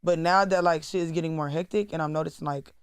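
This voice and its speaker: A woman's voice: low-pitched, steady tone, fast talker, smooth, no room sound, clean studio sound. Blunt young woman. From Atlanta. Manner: blunt, profane, rambling with many fillers. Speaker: rapper guest. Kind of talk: candid interview talk.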